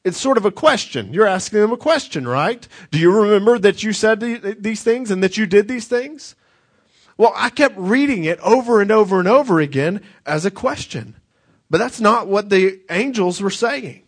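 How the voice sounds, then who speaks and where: High-voiced man preaching conversationally. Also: lively intonation, normal speed. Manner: conversational preaching with repeated restarts and acted-out quotes. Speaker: pastor. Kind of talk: sermon.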